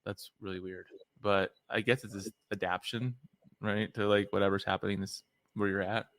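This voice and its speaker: Male podcast host, casual and rambling, bright forward tone, dry close sound. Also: lowish voice, level tone, moderate pace, dry recording. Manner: loose and chatty, many "like" fillers. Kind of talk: casual interview chat.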